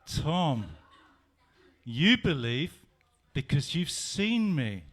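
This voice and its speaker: A man preaching, voicing a calm, gentle Jesus in a soft, slowed, lower voice. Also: full character voice.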